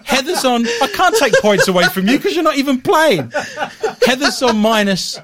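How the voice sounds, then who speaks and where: A man's voice: very high voice, very animated, moderate pace, a loud crowd. A man co-hosting a casual comedy podcast, joking and laughing often as he tells stories and reads news items. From Britain. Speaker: podcast co-host.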